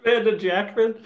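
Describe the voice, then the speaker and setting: A man co-hosting a podcast who rambles with many fillers and laughs along in casual banter. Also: high-pitched. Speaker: podcast co-host. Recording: dull, lo-fi sound.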